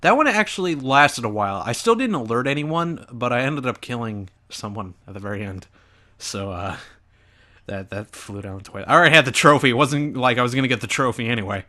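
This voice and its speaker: A man's voice: medium pitch, expressive, brisk, sharp tone. A young man hosting a gaming channel, giving rambling, self-mocking commentary over an old video of himself.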